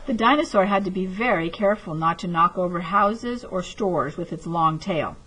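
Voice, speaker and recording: A woman teacher reading a picture book aloud to children and then explaining a craft project, clear and patient. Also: on the low side, expressive, normal speed, sharp tone, rough recording.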